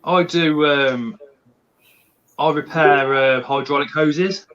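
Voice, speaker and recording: A man's voice: fairly high pitch, steady tone, slow, a bit bright, muffled recording. A man hosting a live stream, chatting casually and rambling with lots of fillers. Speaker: livestream host.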